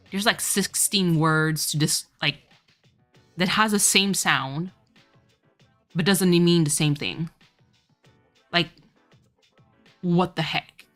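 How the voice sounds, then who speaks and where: Playing a game on stream, a woman who grew up in France and speaks French natively laughs a lot as she chats casually with her audience. She has a deep voice with a fairly bright tone. Game music can be faintly heard.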